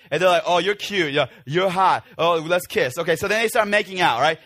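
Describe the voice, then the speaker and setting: Lively man preaching a sermon. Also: high-pitched, no room sound. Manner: animated, acts out scenes with shouts. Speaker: pastor.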